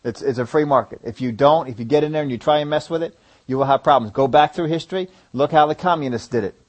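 A man's voice: a little high, quick pace. A man preaching a sermon, asking the congregation rhetorical questions and driving his points home with emphasis.

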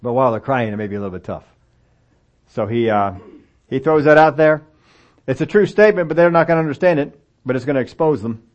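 A man's voice: mid-range voice, lively intonation, fast talker. An older man preaching a sermon, reading scripture aloud and breaking into folksy, self-deprecating asides. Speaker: pastor. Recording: dull lo-fi sound.

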